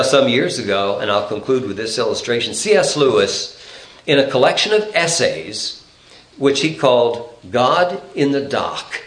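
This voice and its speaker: A man preaching an expository Bible sermon, explaining the text in a measured way and reading scripture aloud. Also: mid-range voice, a bit bright, reverberant, poor audio.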